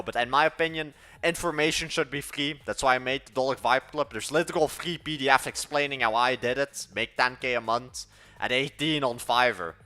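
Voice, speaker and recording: A teenage man from Belgium with an accent that blends several European sounds, talking to viewers on a live coding stream. His voice is bright and forceful, at a middle pitch, and he rambles, restarts sentences and states blunt opinions. Faint music plays underneath. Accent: Belgian, mixed European-sounding. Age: late teens. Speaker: livestreaming coder. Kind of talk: casual livestream chat answering viewers.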